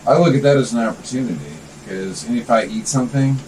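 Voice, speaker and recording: A man's voice: mid-range voice, fast talker, a little mellow, a little hiss or hum. A man in a mid-range voice fires off profane quips and ribbing asides as he hosts. He sits back from the microphone, so he sounds a bit distant. An air-conditioner murmurs faintly behind him. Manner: joking, crude banter. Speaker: podcast host. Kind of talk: casual chat.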